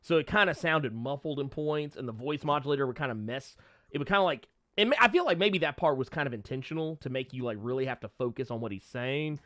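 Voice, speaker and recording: A man's voice: medium pitch, lively intonation, quick pace, fairly bright tone, no echo, studio quality. A man co-hosting a podcast, chatting casually about a movie with a joking, profane manner and many restarts. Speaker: podcast co-host. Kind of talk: casual movie review chat.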